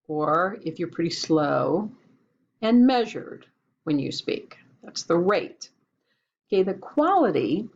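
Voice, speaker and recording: A woman teacher gives a recorded lecture in a low voice, explaining things slowly with a lively, rising and falling tone. The recording sounds dull and lo-fi. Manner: explanatory, conversational.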